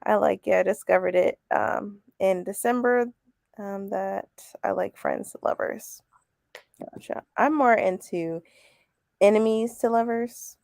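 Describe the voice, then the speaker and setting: Chatty woman with gravelly fry. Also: mid-range voice, unhurried, darkish tone, no echo, clean studio sound. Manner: chatty, laughs often, reads chat comments aloud. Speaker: host. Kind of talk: casual livestream chat.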